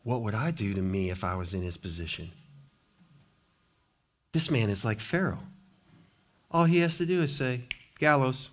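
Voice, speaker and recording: Man preaching, hushed then rising. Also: medium pitch, moderate pace, long pauses. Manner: dramatic scripture reading with big swings between hushed and loud. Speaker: pastor. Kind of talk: sermon.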